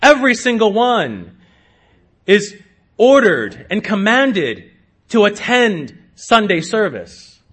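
A man preaching a sermon to his congregation, slow and emphatic, with sudden rises in pitch and loudness. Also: big pitch swings, husky. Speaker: pastor.

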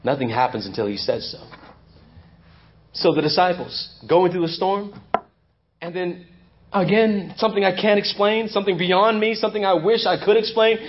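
A male pastor preaching a sermon, swinging between loud emphasis and hushed intensity. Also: high-pitched, normal speed, lo-fi sound, a little hiss or hum. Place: church.

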